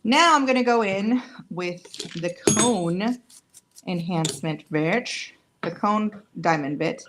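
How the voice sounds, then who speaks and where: Against a noisy background, a woman with a mid-range, animated voice takes her time demonstrating nail tools during a livestream. She's talkative and easygoing yet a little tired, joking about herself while she works.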